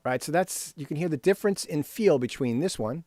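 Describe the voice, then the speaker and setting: In a screen-share music lesson, a man with a fairly high voice and lively intonation speaks a little quickly. He's teaching composers about rhythm, explaining at his computer, scatting rhythms aloud and often asking "right?". The dry, close recording carries faint music.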